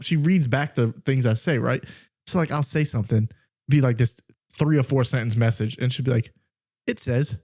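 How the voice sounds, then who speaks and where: A man's voice: mid-range voice, darkish tone. A young man co-hosting a podcast, telling stories in casual chat, often laughing and mimicking a voice assistant. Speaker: podcast co-host.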